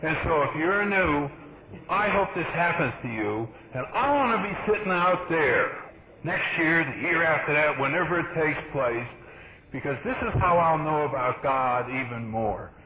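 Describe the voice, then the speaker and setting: Brief: earnest male meeting speaker, storytelling, slightly high voice, old tape with thin phone-like sound. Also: lively intonation, normal speed. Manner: earnest storytelling, acts out dialogue. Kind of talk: personal testimony to a meeting. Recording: tinny, hissy vintage tape recording.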